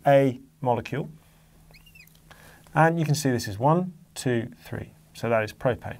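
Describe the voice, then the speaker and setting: A man's voice: medium pitch, darkish tone. A man teaching an exam-focused chemistry lesson, patiently walking through diagrams and leaning hard on key words.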